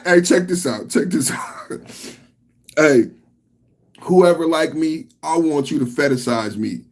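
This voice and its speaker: A man hosting a podcast, giving casual, excitable, profane reaction commentary and laughing often. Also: on the high side, slow, long pauses. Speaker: podcast host.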